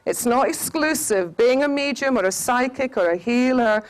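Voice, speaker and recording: A woman's voice: fairly high pitch, animated, moderate pace, rough recording. A middle-aged woman giving a spiritual talk to a live audience, telling stories and asking the audience questions. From Scotland. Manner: storytelling, asks the audience questions. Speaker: spiritual teacher.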